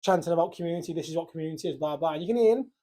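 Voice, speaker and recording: A young man from Liverpool with a Scouse accent, co-hosting a podcast in casual, sweary, animated chat. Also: fairly high pitch, racing. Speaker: podcast co-host.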